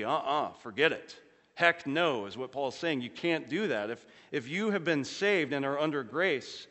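A man preaching a sermon as pastor, earnestly rising for emphasis and dropping to a low, quiet voice on solemn points. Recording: long hall reverb.

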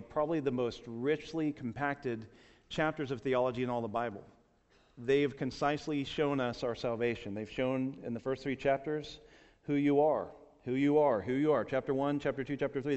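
Male pastor, mid-pitched voice, lively asides to the congregation, long church reverb. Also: highs cut off. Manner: lively and self-deprecating, warm asides to the congregation. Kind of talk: sermon. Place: church sanctuary. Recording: long reverb of a large hall.

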